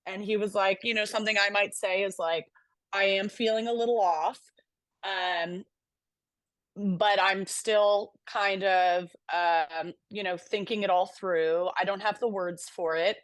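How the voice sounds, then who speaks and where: A young woman co-hosts a podcast in relaxed conversation. She sounds candid and reflective and swears now and then. Her voice is dry and close, with no room sound. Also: mid-range voice, unhurried, no echo. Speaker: podcast co-host. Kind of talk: casual chat.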